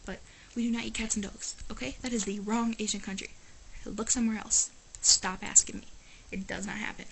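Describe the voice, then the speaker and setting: A woman's voice: on the high side, vocal fry, fairly bright tone, a little hiss or hum, low-quality recording. Emphatic chatty woman vlogger. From United States. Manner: exasperated, emphatic, chatty with many "like"s. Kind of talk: casual talk to camera. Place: living in Japan.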